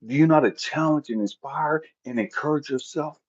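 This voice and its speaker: A man giving an impassioned, profanity-laden motivational talk, swinging between loud outbursts and quiet passages with a preacher-like cadence. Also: on the high side, fairly quick. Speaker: motivational speaker. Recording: dull lo-fi audio.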